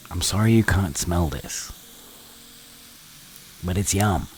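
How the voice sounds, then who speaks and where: A man with a strikingly deep, low voice chats loosely with his viewers while he cooks at home. His talk is relaxed and offhand, with some casual swearing. A pan sizzles faintly in the background. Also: slow, a little hiss or hum, poor audio. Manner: relaxed, chatty, answers chat while cooking, swears casually. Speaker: livestream cooking host. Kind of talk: casual live-stream chat. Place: home kitchen.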